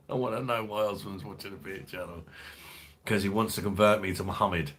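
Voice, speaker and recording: Deep-voiced swearing man. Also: fairly even intonation, a little fast, fairly bright tone, slight background noise. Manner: swears freely, rambling, laughs often. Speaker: beer review channel host. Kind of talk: casual livestream chat reading viewer comments.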